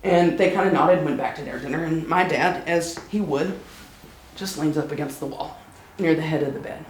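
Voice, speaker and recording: A speaker telling a personal story live on stage, chatty and lightly humorous, slowing down at emotional moments. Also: mid-range voice, echoey room, low-quality recording. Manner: conversational, warm-humored, slows down for emotional moments.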